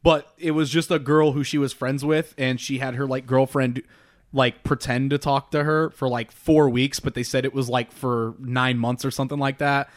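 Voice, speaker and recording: A man's voice: medium pitch, level tone, moderate pace. A young man chatting casually as a podcast co-host, rambling with lots of fillers and swearing. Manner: rambling, filler-heavy and profane. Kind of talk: casual chat.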